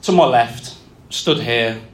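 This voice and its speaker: A man, co-hosting a live podcast and telling stories with lively delivery in a function suite. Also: medium pitch, slow. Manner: lively storyteller, acts out quotes. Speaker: podcast co-host.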